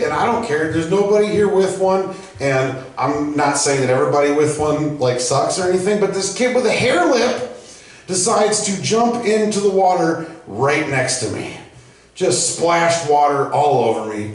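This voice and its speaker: A man working out stand-up material with a slightly high, profane, rambling delivery. He is heard from some distance in a very echoey room. It sounds like a small live venue. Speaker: open mic host and comedian. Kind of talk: stand-up comedy. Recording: very echoey room, mic from afar.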